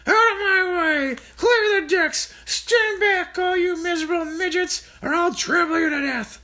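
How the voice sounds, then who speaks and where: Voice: big pitch swings, unhurried, pushed and bright, exaggerated voice. A reader voicing a huge, bad-tempered old grandmother who screeches insults and demands in a storybook reading. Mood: wild shouting. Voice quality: screeching, shrill. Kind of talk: storybook read-aloud.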